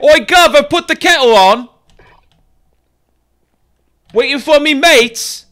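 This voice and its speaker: A man putting on an exaggerated British accent, playing a rough bloke hailing strangers over a game radio. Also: animated, takes it slowly, full character voice. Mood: chummy. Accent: put-on British. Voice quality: shouty, high, overdone.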